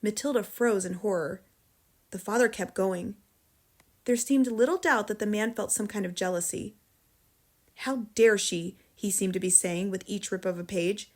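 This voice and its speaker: An American woman narrating a children's novel in a calm, measured storytelling voice. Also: medium pitch. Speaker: audiobook reader. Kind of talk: audiobook narration.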